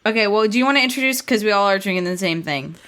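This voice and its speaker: A woman co-hosting a podcast, playful and jokey, full of quick interjections. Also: medium pitch, expressive, a bit bright. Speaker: podcast co-host. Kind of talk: casual chat.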